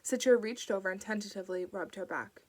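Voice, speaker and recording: A woman's voice: medium pitch, fast talker, darkish tone. A woman narrating a novel aloud for her audiobook channel, reading evenly. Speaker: audiobook reader.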